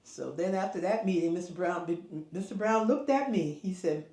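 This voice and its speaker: An older woman, founder of a girls' youth club, telling animated stories in an interview and acting out the voices she quotes in a folksy way. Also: on the low side, normal speed. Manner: lively, acts out quoted voices, folksy phrasing. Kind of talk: animated storytelling. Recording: roomy echo, faint music behind.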